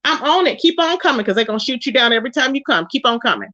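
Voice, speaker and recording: A woman hosting an online commentary show, ranting in a sassy, confrontational way with drawn-out emphatic phrases. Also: high-pitched, expressive, bright, forceful tone, no room sound. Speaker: YouTube commentary host. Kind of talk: casual commentary rant. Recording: dull, lo-fi, dry.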